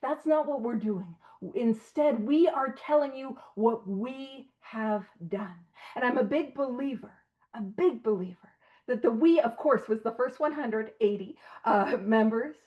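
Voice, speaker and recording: A woman with a high voice leads a recovery study over an online call, earnest and emphatic, dropping in quick asides. The sound is dull and lo-fi, like audio from a video call. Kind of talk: conversational study talk.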